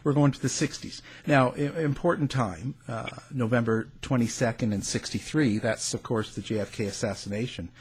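Husky Canadian man hosting a chat. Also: mid-range voice, steady tone. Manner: rambling, filler-heavy, quick to laugh. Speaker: show host. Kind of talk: casual interview chat.

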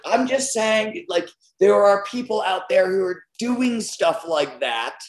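A man being interviewed as an author, talking in a casual, animated way and laughing often between tangents. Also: sits high, slow. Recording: roomy echo.

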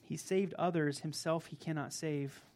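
A man's voice: fairly high pitch, fairly even intonation, moderate pace, darkish tone. A man preaching a sermon, reading scripture aloud and commenting on it, talking emphatically and straight to his listeners.

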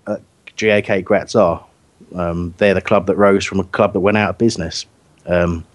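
A man hosting a casual football chat, rambling and laughing often. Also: lowish voice. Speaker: podcast host.

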